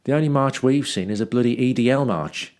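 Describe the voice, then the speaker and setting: A man's voice: mid-range voice, brisk, a little mellow. A man from Dudley reading his travel journal aloud as a podcast host, with wry self-mocking asides and rambling ums and restarts. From Dudley, England.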